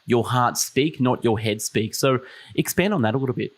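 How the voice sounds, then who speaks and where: A man's voice: medium pitch, moderate pace. A man hosting a podcast, asking questions hesitantly, with many fillers and restarts. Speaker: podcast host. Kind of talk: interview questions.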